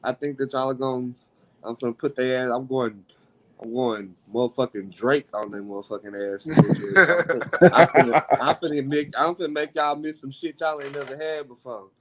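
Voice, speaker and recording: A rapper man talking as a podcast guest in a mid-pitched voice. He is brash and boastful, with loose slang and constant swearing. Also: steady tone, a little fast, low-quality recording. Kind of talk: casual chat.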